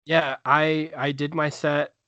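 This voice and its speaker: A man's voice: fairly high pitch, level tone, slow, sharp tone, no room sound, dull audio. A male stand-up comedian telling a story in a casual podcast chat, rambling with many fillers and restarts.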